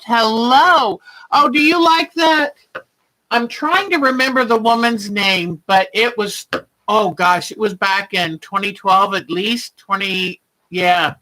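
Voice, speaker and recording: A woman's voice: mid-range voice, bright, forceful tone, poor audio. A woman hosting a quilting livestream, chatting casually and greeting viewers by name as she rambles along.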